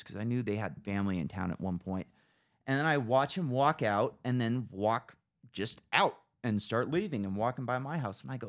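A man's voice: mid-range voice, moderate pace, fairly bright tone. A man hosting a casual podcast, telling a story with plenty of swearing and acting out his own reactions. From Idaho. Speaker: podcast host.

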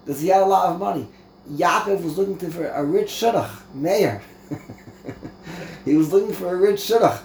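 Animated man teaching a Torah class. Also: high-pitched, brisk, creaky, reverberant, slight background noise. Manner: animated, acts out voices, switches between Hebrew and English. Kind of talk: Torah class, explaining verses and commentary.

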